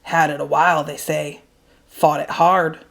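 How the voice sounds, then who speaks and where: A woman voicing a gentle, grieving man driving a truck, speaking softly in a low, halting way. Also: level tone, creaky, full character voice. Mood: sorrowful.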